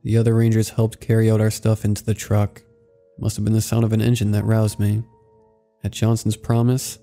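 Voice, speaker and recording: A man reading a scary story aloud in a measured, somber storytelling manner. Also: lowish voice, vocal fry, dark tone. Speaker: narrator. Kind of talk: scripted horror story narration. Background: faint music.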